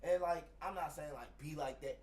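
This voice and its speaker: At normal speed and with a fairly high pitch, this man spins a profane, animated story in casual conversation, acting out the heated quotes. The recording sounds distant, with faint noise in the background.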